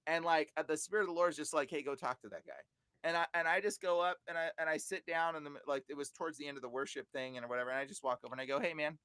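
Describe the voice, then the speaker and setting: Brief: male podcast guest, high voice, dry sound, animated storyteller who acts out voices. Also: rapid-fire, clean tone, dry recording. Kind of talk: casual storytelling.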